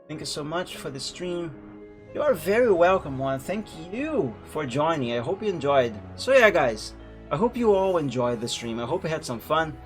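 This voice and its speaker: Chatty streamer man, higher voice. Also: sing-song, moderate pace, soft background music. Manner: chatty, rambling with restarts and laughs. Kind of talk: casual stream chat.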